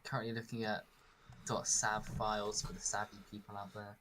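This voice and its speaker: A man's voice: on the low side, monotone, a little fast, a bit bright, a little hiss or hum. A man chatting as a friend on a game stream, teasing and repeating words as he hesitates. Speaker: co-host friend. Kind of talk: casual chat on a game stream.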